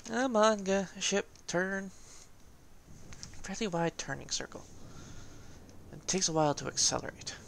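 A man giving casual, excitable gameplay commentary, laughing often and swearing cheekily. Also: on the high side, unhurried, creaky, long pauses, a little hiss or hum.

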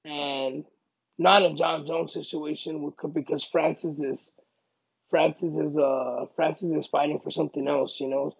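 A man, a professional fighter, speaking in a casual interview, emphatic and animated, often repeating himself for emphasis. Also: fairly high pitch, gravelly, husky, highs cut off. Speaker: MMA fighter.

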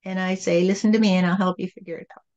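A woman's voice: lowish voice, steady tone, racing, dull audio, close to an everyday voice. God, a patient teaching spirit, channeled by a woman. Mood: calm teaching. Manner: gentle, repetitive, teaching tone.

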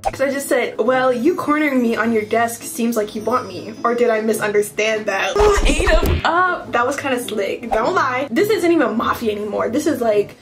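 A woman's voice: fairly high pitch, moderate pace. A young woman YouTuber chatting in a bubbly, giggly way while reading an AI chat aloud. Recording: music playing behind.

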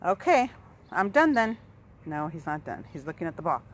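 A woman's voice: lowish voice, big pitch swings, normal speed, background noise. A woman filming her puppy outdoors, coaxing and praising him in a sing-song voice. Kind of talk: casual talk to a dog.

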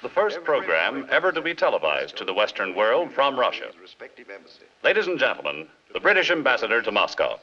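An actor playing a television announcer making a formal broadcast announcement on an old film soundtrack. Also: male voice, mid-range voice, very animated, brisk, pushed and bright, highs cut off.

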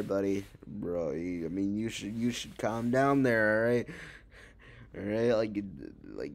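A young man with a somewhat low voice chats casually while reacting to a video, drifting off topic and tossing in bro. He rambles and jokes between lines. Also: a little mellow. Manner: rambling, joking, calls people bro. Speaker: reaction streamer. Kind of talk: casual chat.

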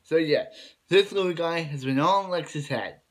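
A man's voice: a little high, animated, unhurried. A man casually recapping a TV episode, rambling with many restarts and "he's like" retellings. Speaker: TV episode reviewer.

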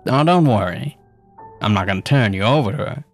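A man's voice: medium pitch, expressive, brisk, faint music behind, natural voice. A man voicing a nasal, cigar-chewing male spirit of the dead, sly and chuckling, in a horror story narration. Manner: gruff, then chuckling and sly.

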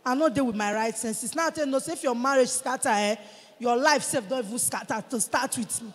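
A woman in her forties with a Nigerian Pidgin English accent, giving an animated testimony in church and acting out what others said to her. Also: on the high side, a little fast. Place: large church hall. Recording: long church-hall reverb.

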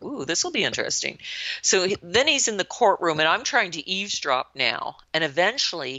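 A low-pitched woman in her sixties, a retired army colonel from the United States, tells lively anecdotes in a podcast interview, acting out the quoted lines. The recording is dull and lo-fi, dry with no echo.

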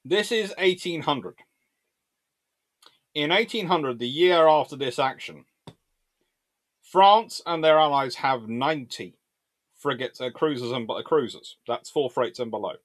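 A man hosting a live-stream history talk, reading out chat questions and answering with animated asides. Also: medium pitch. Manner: animated, quick asides and laughs. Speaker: naval historian host.

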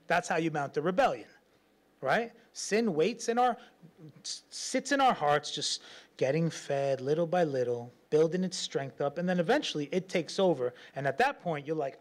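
A man preaching a sermon as pastor, telling stories with lots of laughter and acting out the voices of people in them. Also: a little high. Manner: animated storytelling, laughs often, acts out quotes.

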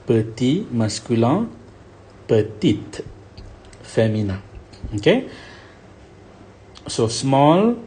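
A male teacher giving a French lesson, repeating each word slowly and checking understanding with a rising "okay?". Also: mid-range voice, dark tone, slight background noise. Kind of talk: recorded language lesson.

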